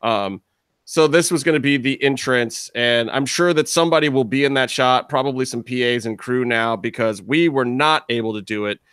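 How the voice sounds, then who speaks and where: A man's voice: medium pitch, a bit bright, smooth, dry recording, studio quality. A man co-hosting a casual wrestling podcast round table, telling a long behind-the-scenes story with laughs and swearing. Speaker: podcast co-host.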